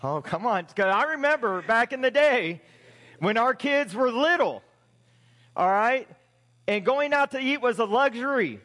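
A male pastor with a very high voice delivers a sermon in a conversational, emphatic way, throwing rhetorical questions at his congregation. His words ring out with a long reverb from a church hall. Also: expressive, unhurried, sharp tone.

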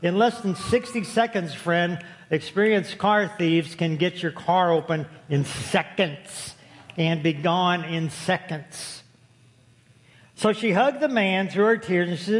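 A man's voice: high-pitched, slow. A man preaching a sermon to his congregation, folksy and storytelling, joking with the room. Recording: long hall reverb.

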